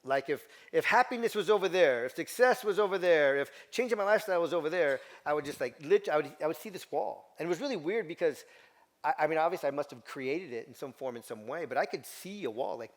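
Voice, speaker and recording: A middle-aged man speaks as a motivational speaker, telling his own story to a group. His voice sits a little high for a man. He leans on repetition and keeps the delivery emphatic. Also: expressive, quick pace. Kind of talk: personal storytelling talk to a group.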